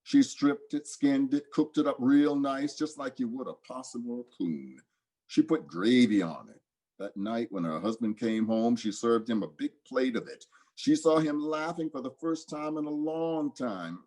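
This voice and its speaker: A man reading folk tales aloud in a dramatic, expressive storytelling manner. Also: mid-range voice, unhurried.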